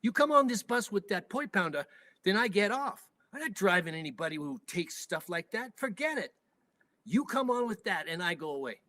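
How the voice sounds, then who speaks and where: A blunt local bus driver with a Hawaiian Pidgin accent scolds in firm, clipped phrases, as a man plays him in a told story. His pitch moves a lot across the sentences. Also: big pitch swings, normal speed, pushed and bright, full character voice. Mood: stern.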